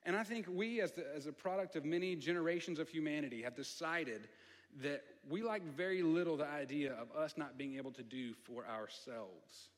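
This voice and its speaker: Southern preacher guy telling a story, kinda high voice, lots of asides, long hall echo. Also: moderate pace. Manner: conversational with asides to the audience. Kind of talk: storytelling sermon.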